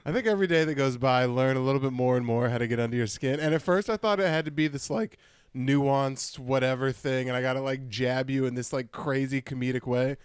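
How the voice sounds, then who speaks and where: A man's voice: mid-range voice, a little fast, clean tone, dry recording, studio quality. A man co-hosting a podcast, bantering crudely, teasing and laughing often and swearing freely. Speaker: podcast co-host.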